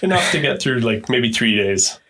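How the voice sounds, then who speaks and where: A man's voice: medium pitch, expressive, normal speed, a bit bright. A middle-aged man, a podcast guest, telling stories in casual talk and often repeating his words. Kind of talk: casual storytelling.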